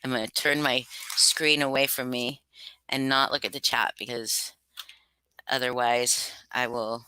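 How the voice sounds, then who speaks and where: A woman chats casually with her livestream viewers, rambling and self-conscious, full of fillers. Her voice is low but bright and forward. The tone is smooth and crisp. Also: flat delivery, measured pace, dry recording. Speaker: livestream host reading stories.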